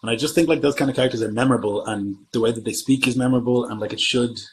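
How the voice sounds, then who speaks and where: A German man who runs tabletop games chats casually on a livestream, thinking aloud as he responds to viewer comments. His mid-range voice moves very fast. The low-quality recording carries a little hiss or hum.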